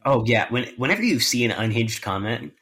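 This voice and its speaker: A man co-hosting a casual podcast chat, seated on his bed at home and making wry, deadpan asides. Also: medium pitch, a little fast. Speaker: podcast co-host.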